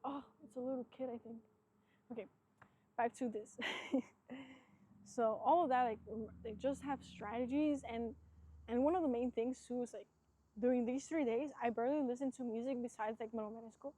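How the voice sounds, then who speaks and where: Chatty woman doing a solo podcast, soft warm voice, thinks out loud, lots of "like"s. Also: a little high, steady tone, moderate pace. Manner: rambling, reflective, heavy use of "like"; earnest, self-searching. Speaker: podcast host. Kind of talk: casual solo podcast talk.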